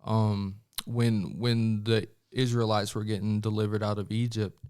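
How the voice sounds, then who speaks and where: A man's voice: lowish voice, level tone, unhurried, a little mellow, smooth. A young man on a student faith podcast, speaking hesitantly with frequent restarts. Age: young adult. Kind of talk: casual podcast discussion.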